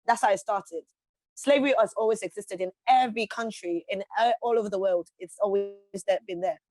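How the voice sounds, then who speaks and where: A woman's voice: mid-range voice, brisk, darkish tone, dry recording. A woman, a guest in an interview, speaking passionately with emphatic rhetorical questions. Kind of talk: passionate conversational speech.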